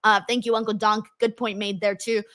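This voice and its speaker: A young woman hosting a casual livestream, chatting and reading viewer messages with lots of ums and excited bursts. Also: mid-range voice, brisk. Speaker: wrestling livestream host. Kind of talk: casual livestream chat, reading super chats.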